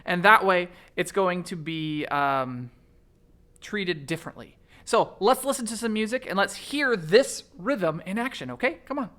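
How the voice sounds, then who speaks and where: A man's voice: high voice, expressive, measured pace, bright, forceful tone. Male elementary music teacher, peppy, chants rhythms and counts in. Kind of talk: upbeat kids' music lesson.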